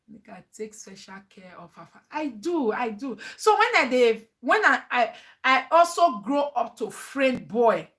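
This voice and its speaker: Bright, animated Nigerian-accented mother. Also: high voice. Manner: animated, laughs often, mixes English with pidgin. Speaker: mother and family vlogger. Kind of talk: chatty family vlog talk.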